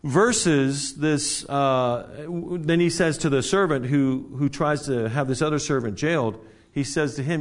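A man's voice: on the high side, unhurried, few pauses. A man preaching a sermon in a conversational way, with frequent restarts and direct questions to the congregation, growing emphatic at key points. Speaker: pastor.

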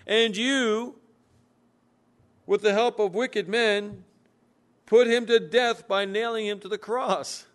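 A man preaching a sermon, earnestly explaining scripture and reading verses slowly. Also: high voice, fairly even intonation, a bit bright. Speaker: pastor.

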